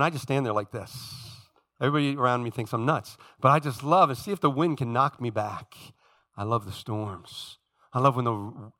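A man preaching a sermon as pastor, dramatic, swinging from booming lines to hushed asides.

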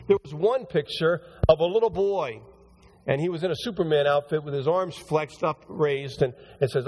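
Man preaching, slightly hoarse, higher-pitched voice, long church reverb, chatty delivery. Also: normal speed, a little mellow. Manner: conversational, rambling with restarts. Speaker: pastor. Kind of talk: sermon.

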